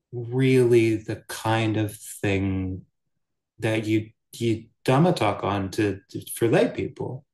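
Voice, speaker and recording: A man giving a relaxed, storytelling dharma talk as a Buddhist teacher. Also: fairly low pitch. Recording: roomy echo.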